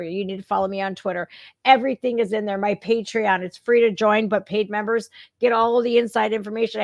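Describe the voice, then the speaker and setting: A woman's voice: medium pitch, creaky, no echo. A woman hosting her own show, ranting in a casual, fired-up way with plenty of swearing. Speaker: host. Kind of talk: casual reaction talk. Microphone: remote streaming setup.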